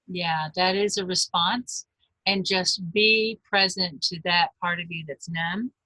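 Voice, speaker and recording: A woman in her fifties, a life coach giving a webinar, earnest and gentle, speaking straight to her listeners. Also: fairly low pitch, steady tone, slow pace, no echo, poor audio.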